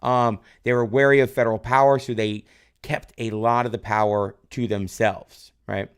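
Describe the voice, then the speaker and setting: A male history teacher runs a live-streamed exam review lesson, casually quizzing viewers, complimenting their responses, and rambling with tag questions such as "right?" His voice is medium in pitch, steady, clear, and resonant, at a moderate pace.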